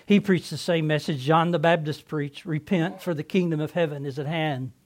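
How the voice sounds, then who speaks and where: A man playing the apostle Peter, an impulsive fisherman, telling his story in an earnest, excitable first-person dramatic monologue. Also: fairly high pitch, moderate pace, close to an everyday voice. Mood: earnest storytelling.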